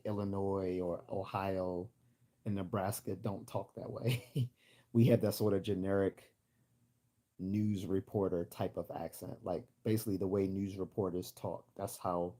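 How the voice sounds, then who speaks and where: A man's voice: low voice, warm tone. A man from Baltimore hosting a livestream, chatting casually and rambling with many restarts while he answers chat comments. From Baltimore, USA. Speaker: livestream host.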